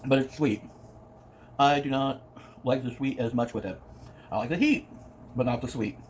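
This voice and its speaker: A playful man chats to the camera over a meal, humming and singing little bits between bites. His voice sits at a middle pitch. A faint noise hangs under the recording. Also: moderate pace, a little mellow. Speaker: mukbang vlogger. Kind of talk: casual eating vlog talk.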